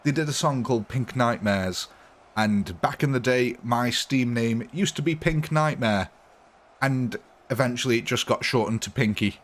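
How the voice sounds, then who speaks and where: A man's voice: mid-range voice, moderate pace. A man casually chatting with viewers during a live stream, rambling and laughing often.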